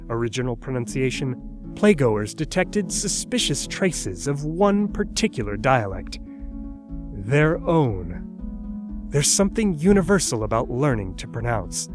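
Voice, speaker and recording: A man's voice: medium pitch, a little mellow. A man giving scripted narration for an educational video in a playful, wry explaining manner.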